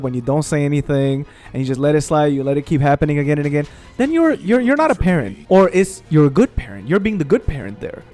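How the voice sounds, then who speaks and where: A young man commentates on a video game while venting in a heated, profane rant full of repeated asides. His voice sits a little on the high side. Soft game music plays in the background. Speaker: gaming streamer. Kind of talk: let's play commentary rant.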